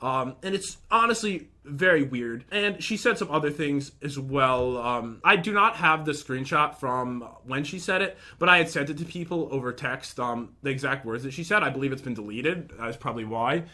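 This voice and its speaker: A man's voice: mid-range voice, lively intonation, normal speed, hardly any pauses, pushed and bright. A young man in casual commentary, rambling and aggrieved as he reads out and picks apart messages from an ex. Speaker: vlogger.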